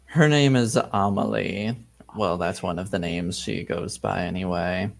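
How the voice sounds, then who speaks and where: A man playing a tabletop game in character, with a measured, calmly menacing delivery. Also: low voice, creaky. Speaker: player.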